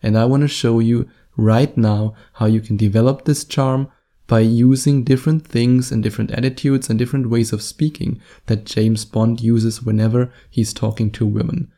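Gravelly German-accented podcast host. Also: male voice, mid-range voice, fairly even intonation, normal speed, mellow. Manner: jokey, self-deprecating, emphatic. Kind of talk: casual solo podcast monologue.

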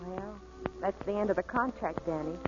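A woman's voice: mid-range voice, normal speed, over music, lightly acted. An actress playing a young woman dancer, torn and pleading, in 1940s radio acting style. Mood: wistful. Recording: muffled old radio recording.

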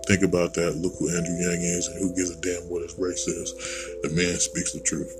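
Very deep-voiced rambling American man. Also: monotone, moderate pace, music in the background, low-quality recording. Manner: rambling, digressive and blunt, with casual swearing. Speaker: podcast host. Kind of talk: casual opinion monologue.

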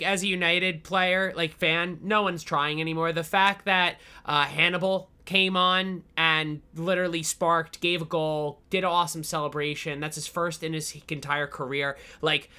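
A man co-hosting a casual football podcast, rambling and animated, often teasing himself. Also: fairly high pitch, unhurried, clear, resonant tone. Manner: rambling, animated, self-deprecating. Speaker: podcast co-host.

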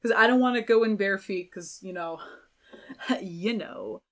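A young woman, a violinist guest on a podcast, telling a story in a casual, animated way and acting out other people's voices. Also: medium pitch, unhurried.

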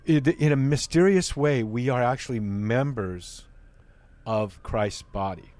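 A man's voice: medium pitch, measured pace, a little mellow, dry recording. A man hosting a faith talk show, speaking earnestly and often repeating words as he searches for phrasing. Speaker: host.

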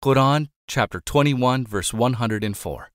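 Male audiobook reader, mid-pitched, formal and measured recitation, dry close sound. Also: dry recording. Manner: measured, formal recitation with reverent drops on honorifics. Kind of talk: scripted religious text reading.

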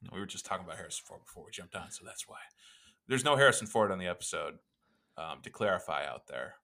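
A podcast co-host with a low but lively voice, rambling through casual chat with jokes and fillers. His tone is bright, and his pitch swings freely as he goes off on tangents. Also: fast, creaky. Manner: rambling and jokey, with many fillers.

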